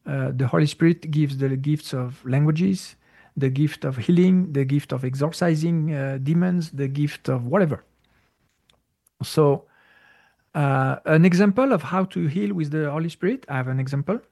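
A man speaking English as a second language, explaining spiritual ideas in a casual, halting way with many fillers and searches for words. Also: fairly high pitch, gravelly, a little mellow. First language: not English. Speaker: spiritual teacher. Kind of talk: casual conversational talk.

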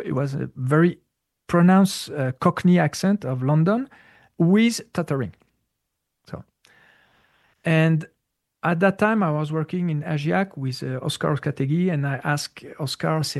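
Interviewee, male, gravelly voice pitched a bit high, halting storyteller with many fillers. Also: a little mellow. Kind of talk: casual spiritual storytelling.

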